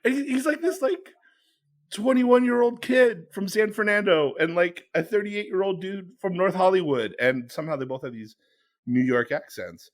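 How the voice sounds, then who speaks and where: Animated man telling a story, somewhat high voice. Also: moderate pace. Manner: animated, laughs while telling stories. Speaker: podcast co-host. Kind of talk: casual storytelling.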